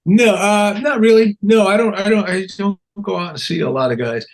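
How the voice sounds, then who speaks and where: A man's voice: high-pitched, normal speed. A man in his sixties, a comedian guest in an interview, telling anecdotes animatedly, acting out quotes and often laughing. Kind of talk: casual interview storytelling.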